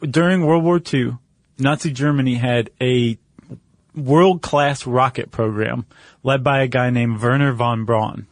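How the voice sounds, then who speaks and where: A man's voice: medium pitch, a little slow, dry recording, studio quality. A man co-hosting a casual podcast chat, loose and joking as he explains history. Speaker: podcast co-host.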